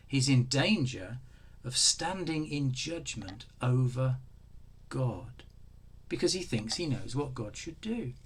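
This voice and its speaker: A man preaching a sermon, animated, acting out the voices in the story. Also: mid-range voice, breathy edge. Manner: animated, acts out voices of God and Job.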